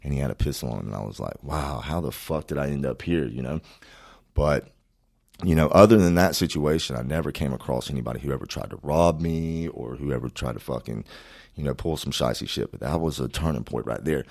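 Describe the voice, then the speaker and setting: A man's voice: extremely low pitch, a little fast, gravelly, a little mellow. A man, a podcast guest telling a story casually, profane and rambling with lots of fillers.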